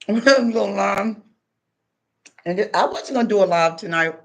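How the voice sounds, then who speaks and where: A man's voice: high-pitched, normal speed, vocal fry, slight background noise. A tired man talking loosely to viewers on a livestream from his home, eating as he talks. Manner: chatty, loose, eats while talking. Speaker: livestream host. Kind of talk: casual livestream talk. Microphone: computer.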